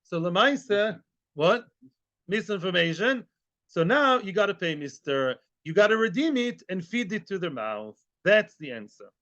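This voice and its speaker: High-voiced man teaching Talmud. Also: normal speed. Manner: lively, conversational, often checks with "yeah?"; mixes in Hebrew and Yiddish terms. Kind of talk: daily Talmud class. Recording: dull lo-fi recording.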